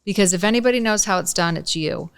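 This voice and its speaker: A woman hosting an interview podcast, talking in an effusive, chatty way full of praise and quick restarts. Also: medium pitch, clean tone. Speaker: podcast host. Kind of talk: conversational interview.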